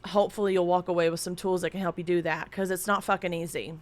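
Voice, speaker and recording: A woman's voice: on the low side, fairly even intonation, quick pace. Rambling, candid woman streamer. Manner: rambling and candid, with frequent swearing. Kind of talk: casual live-stream chat. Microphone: desk microphone.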